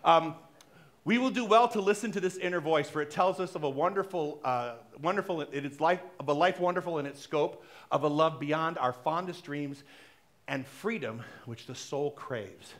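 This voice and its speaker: A middle-aged man with a high, light voice preaches to his congregation. He talks in a conversational, playful way and slips into acted-out bits of everyday dialogue. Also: normal speed, a bit bright. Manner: conversational and playful, acting out little dialogues, laughing. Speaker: minister. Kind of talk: sermon. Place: church sanctuary.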